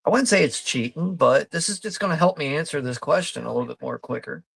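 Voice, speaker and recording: Gravelly laid-back man riffing live. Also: fairly high pitch, expressive, fast, fairly bright tone, no echo. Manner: laid-back, swears freely, laughs often. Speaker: watch party host. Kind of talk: casual live commentary.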